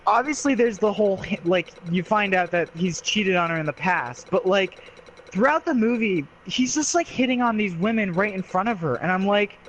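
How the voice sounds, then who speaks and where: A man co-hosting a casual movie review podcast, animated and exasperated, swearing freely. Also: sits high, normal speed, slight background noise, poor audio. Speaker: podcast co-host.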